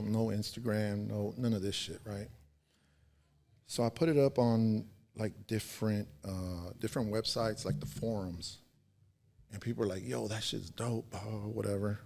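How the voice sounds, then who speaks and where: On a podcast, a forty-something male guest tells stories casually in a low, husky, gravelly voice with a darkish tone. He's relaxed and full of slang, swears freely, and keeps checking in with his listeners.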